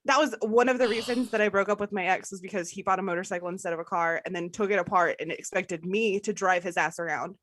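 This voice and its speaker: A woman's voice: mid-range voice, quick pace, few pauses, fairly bright tone, a little hiss or hum. A woman co-hosting a casual livestreamed movie review podcast, chatty, teasing and laughing a lot. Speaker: podcast co-host.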